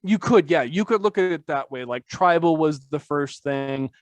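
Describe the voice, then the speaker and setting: A man's voice: a little high, animated, normal speed, no echo. A man, a tattoo artist guest on a podcast, talking casually in a rambling, self-deprecating way full of fillers.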